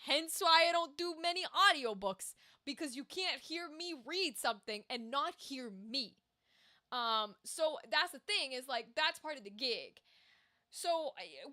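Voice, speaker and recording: High, bright-voiced woman chatting candidly. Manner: candid, swears freely, chatty asides. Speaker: voice actor streamer. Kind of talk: casual livestream chat.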